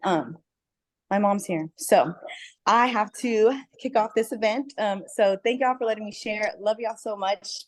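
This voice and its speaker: A medium-pitched woman talks at a measured pace on a video group call. She's a book club member about to host an event, sharing casually but with earnest emphasis, repeating words for stress.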